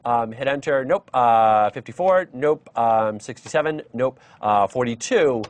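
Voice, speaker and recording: A man's voice: mid-range voice, a little slow, no room sound. A man teaching programming on a live stream, chatty, with many fillers and restarts. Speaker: programming instructor. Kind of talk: live-streamed coding lesson.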